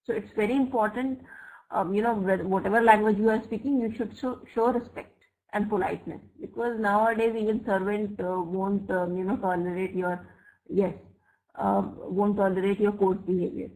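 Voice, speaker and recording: A woman teaching an online English grammar class. She reads example sentences slowly and checks often with "right?" and "fine?". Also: medium pitch, steady tone, a little mellow, rough recording. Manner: slow, deliberate example sentences. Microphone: computer mic for a web class.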